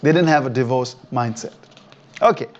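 A man's voice: mid-range voice, normal speed, highs cut off. A man preaching a sermon in a conversational way, often checking in with his listeners. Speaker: pastor. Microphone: online church stream.

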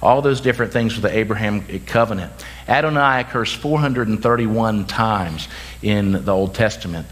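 A man preaching a sermon as pastor, conversational with quick asides and self-corrections, and he says he is tired. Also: fairly low pitch, a bit bright.

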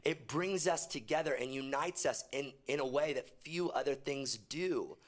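A young man preaching a sermon to his church, animated, often jumping high and loud for emphasis and dropping low and quiet when he quotes. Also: moderate pace. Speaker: pastor. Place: church auditorium.

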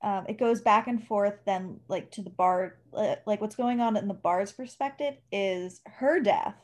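A woman's voice: mid-range voice, measured pace. A woman co-hosting a casual book discussion, talking expressively and laughing often. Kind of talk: casual chat.

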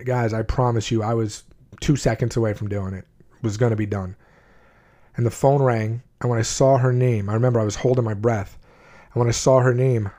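A man's voice: mid-range voice, mellow. A man telling his own life story to his viewers, blunt and emotional, often restarting his sentences. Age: adult, at least 20s. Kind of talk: candid personal storytelling.

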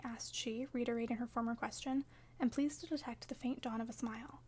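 A woman narrating a classic novel as an audiobook, in measured, even storytelling. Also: fairly high pitch, husky.

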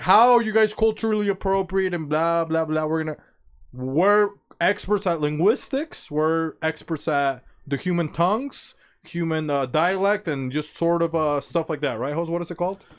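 A man hosting a comedy podcast, telling a crude rambling story and laughing through his lines. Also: on the high side. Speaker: podcast host.

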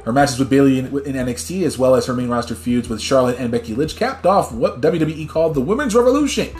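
Male podcast host from New Jersey, lively and loud, swears freely, echoey room with faint music behind. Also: mid-range voice, fast. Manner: animated, swears freely, gets loud when worked up; reads news articles aloud with stumbles. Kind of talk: casual news commentary podcast.

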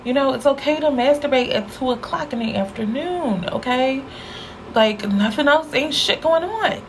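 A young adult woman hosting a casual solo podcast, talking candidly in slang, laughing often and jumping up in pitch for emphasis. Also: animated, normal speed, a little hiss or hum, rough recording. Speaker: podcast host.

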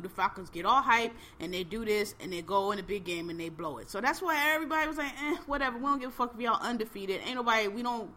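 A woman's voice: medium pitch, bright, forceful tone. A woman co-hosting a podcast, ranting casually and profanely in heated bursts. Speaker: podcast co-host. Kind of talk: casual chat.

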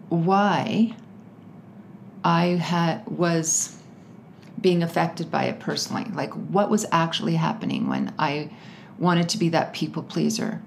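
A woman as an interview guest, talking earnestly and haltingly, breaking into nervous laughs. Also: fairly low pitch, darkish tone, a little hiss or hum. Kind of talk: personal storytelling in conversation.

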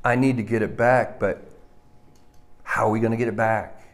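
A man preaching a sermon, swinging between loud stressed words and hushed, low lines. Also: level tone, normal speed. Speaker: pastor.

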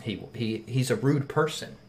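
A man's voice: medium pitch, moderate pace, darkish tone. A man in casual chat, blunt and heated, swearing often as he tells his side of a story.

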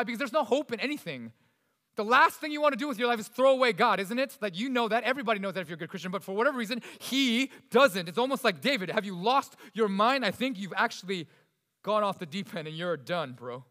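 A male preacher with a high, bright, ringing voice delivers a sermon in a casual, expressive style. His talk swings from loud emphasis to hushed asides, and a long hall reverb trails behind every phrase. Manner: expressive, conversational preaching with dramatic swings in loudness.

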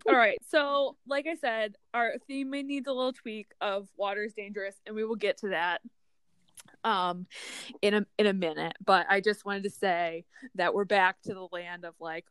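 A woman's voice: mid-range voice, fairly even intonation, moderate pace, a bit bright, smooth, no echo. A woman hosting a casual podcast chat, telling a story in a chatty, giggly way with many fillers. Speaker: podcast host.

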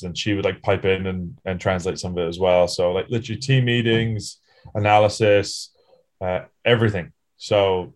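A man in a casual podcast chat, speaking in a fairly low voice. He tells rugby stories in a relaxed, rambling way, full of fillers and easy laughs. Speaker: podcast co-host, rugby sevens player.

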